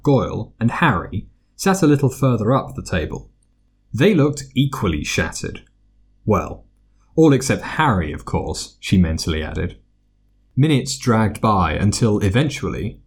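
A man narrating a story aloud, expressive and doing voices for the characters. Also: low voice, a little slow, husky. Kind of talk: fan fiction reading.

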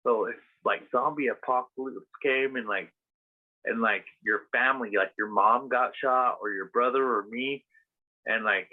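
A man's voice: mid-range voice, measured pace. A man telling a rambling story casually as a podcast host, full of fillers and swearing. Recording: tinny phone-like sound.

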